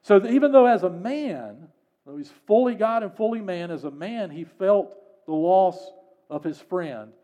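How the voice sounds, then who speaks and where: A male pastor preaching a sermon and reading scripture aloud, pressing key words with emphasis, then letting the ends of his lines fall soft and low. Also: expressive, moderate pace.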